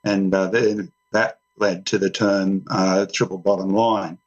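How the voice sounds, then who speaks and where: A man's voice: deep voice, flat delivery, unhurried. A man, a guest writer explaining his ideas on a podcast panel with frequent ums. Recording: slightly muffled lo-fi sound.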